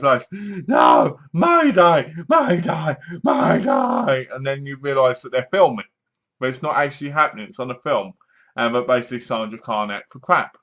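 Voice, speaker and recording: A man casually reviewing a film, retelling the story in a rambling, animated way and acting out lines. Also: medium pitch.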